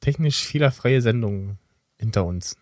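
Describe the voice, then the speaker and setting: A man's voice: on the low side, lively intonation, normal speed, a little mellow, no room sound, studio quality. A man hosting a podcast in casual chat, with a hesitant delivery. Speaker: podcast host.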